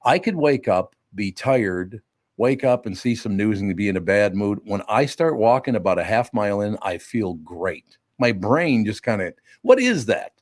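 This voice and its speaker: An older man hosting a podcast, chatting bluntly and telling animated stories with a bit of salty language. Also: on the low side, moderate pace. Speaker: podcast host. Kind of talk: casual studio chat.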